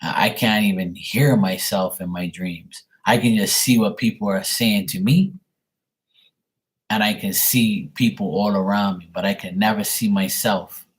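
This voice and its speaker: A man's voice: on the low side, fairly even intonation, unhurried. A young man doing a live tarot reading on camera, relaying messages in a rambling way full of fillers. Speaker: tarot reader. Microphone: webcam at desk.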